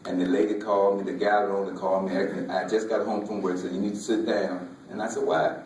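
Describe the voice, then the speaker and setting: A man, a folk artist, giving an emotional personal talk in a halting way, often repeating words, with Southern vernacular. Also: low voice, flat delivery, a little mellow, a little hiss or hum. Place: museum lecture hall. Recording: echoey hall, voice from far off.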